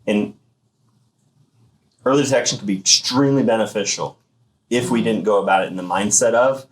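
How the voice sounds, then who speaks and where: A man's voice: on the low side, poor audio. A man co-running a thermography clinic, explaining health screening emphatically in a casual discussion. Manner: emphatic, explanatory, fast-flowing.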